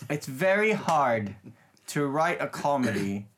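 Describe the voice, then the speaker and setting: A man co-hosting a casual podcast about comedy films, chatty and quick to laugh, often trailing off and restarting his sentences. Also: mid-range voice, big pitch swings, fairly bright tone, slight background noise. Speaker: podcast co-host. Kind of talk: casual film chat.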